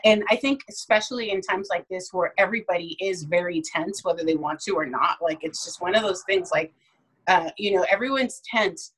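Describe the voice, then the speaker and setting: A woman's voice: mid-range voice, brisk, fairly bright tone, breathy edge, rough recording. A woman chatting casually about parenting, telling stories and acting out little quoted voices along the way. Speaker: parenting guest. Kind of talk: casual podcast chat.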